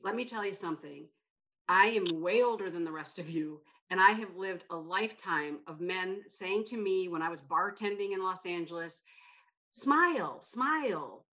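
A middle-aged American woman co-hosting a podcast, talking in an emphatic, animated way and often cutting herself off. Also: mid-range voice. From United States. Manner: emphatic and animated, self-interrupting. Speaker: podcast co-host. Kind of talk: casual discussion. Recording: slightly muffled lo-fi mic.

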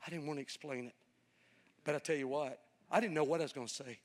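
A man's voice: on the high side, fairly even intonation, quick pace. A man preaching a storytelling sermon, folksy and conversational, swelling into a fervent preaching cadence. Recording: long reverb of a large hall.

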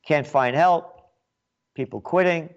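A man's voice: a little high, slow pace, smooth, dull audio. Sarcastic New man ranting. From New York. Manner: sarcastic, mocking, swings between loud jabs and muttered asides. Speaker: commentary show host. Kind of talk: ranting commentary monologue.

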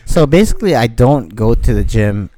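A man co-hosting a casual podcast, answering briefly with a relaxed, dry humor. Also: mid-range voice, normal speed, no room sound. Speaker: podcast co-host. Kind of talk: casual chat.

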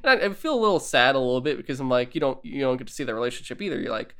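A man's voice: mid-range voice, sing-song, very fast, a bit bright, clean tone. Rambling man chatting on a podcast. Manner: rambling, laughs often, acts out quotes. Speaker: podcast co-host. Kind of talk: casual chat.

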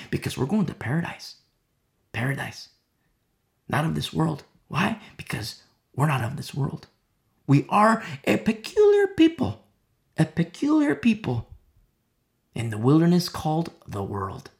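A man preaching a verse-by-verse sermon, repeating phrases with urgent appeals and dropping to soft whispers at times. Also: mid-range voice, vocal fry. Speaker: preacher teaching a Bible study.

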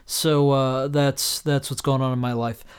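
On his solo podcast, a man speaks unhurriedly in a smooth, medium-pitched voice with little pitch movement. Tired and a bit tipsy, he rambles casually, pokes fun at himself, and uses plenty of fillers.

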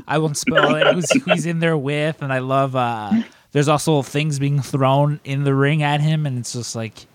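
A man's voice: a little high, steady tone, normal speed. A young man co-hosting a podcast, telling stories in a rambling casual chat with lots of fillers and restarts. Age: young adult. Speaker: podcast co-host.

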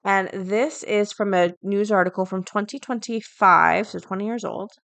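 A woman's voice: medium pitch, fairly even intonation, normal speed, creaky, fairly bright tone, no echo. Woman podcaster, chatty, reading article aloud, dry close sound. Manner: chatty, thinks aloud with fillers. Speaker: podcast host.

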